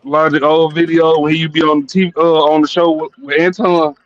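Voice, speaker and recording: High-voiced man, rambling profane banter. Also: flat delivery, brisk, no room sound. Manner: rambling, repeats words, laughs often. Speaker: podcast host. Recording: dull lo-fi sound.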